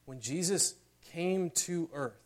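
A man's voice: expressive, slow pace. Earnest male preacher. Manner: earnest preaching, swelling louder and higher at climaxes. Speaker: pastor. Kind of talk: sermon.

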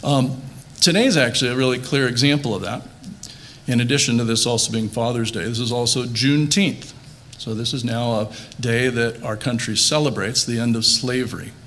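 A pastor giving a sermon, earnest, stressing quoted lines and restarting phrases, then leading a quiet prayer. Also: male voice, medium pitch, steady tone, fairly quick, a little hiss or hum.

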